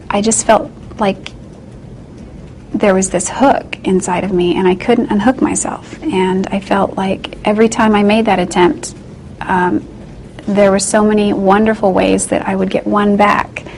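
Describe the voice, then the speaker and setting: A woman answering an interview question in a soft, halting, reflective way. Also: medium pitch, level tone, vocal fry, slight background noise.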